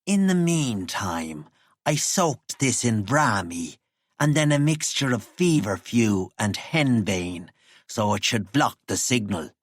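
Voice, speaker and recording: A man doing a calm, knowing, wry man. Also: mid-range voice, no echo, studio quality. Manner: measured, wry.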